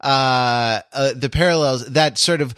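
A man's voice: mid-range voice, slow, fairly bright tone, clean tone, no echo. Thoughtful man with a dry, close voice. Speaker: film podcast co-host. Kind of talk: casual chat.

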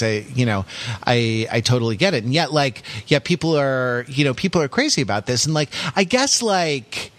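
A man's voice: medium pitch, a bit bright, no room sound. A man co-hosting a podcast in casual chat, hesitant and self-mocking, with many restarts. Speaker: podcast co-host.

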